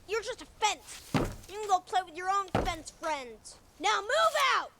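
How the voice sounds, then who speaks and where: A bossy talking fence with a piercing, squeaky falsetto, snapping orders and shooing someone off. The voice sounds thin and distant under loud background noise. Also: male voice, lively intonation, a little slow, exaggerated voice. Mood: scolding. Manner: scolding, shooing.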